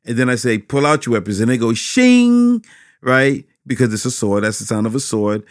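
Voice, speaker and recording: Animated man, a pastor, in a dry room. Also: medium pitch, quick pace, dry recording. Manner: animated, preacherly emphasis with repetitions. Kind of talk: interview answers about teaching children.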